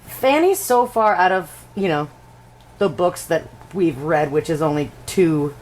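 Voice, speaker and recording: A woman's voice: on the low side, lively intonation, unhurried, a little mellow. A woman co-hosting a podcast, chatting casually about a book and laughing often. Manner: laughing, reads passages in a put-on Scottish auntie voice. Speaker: podcast co-host.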